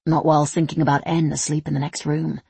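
A woman narrating an audiobook in an even, steady reading voice. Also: deep voice, fast talker, vocal fry, breathy edge, dry recording.

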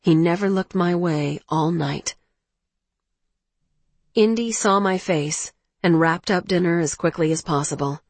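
Lowish woman reading a romance novel. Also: unhurried, pauses often, dry recording. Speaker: audiobook narrator. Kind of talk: first-person romance audiobook narration.

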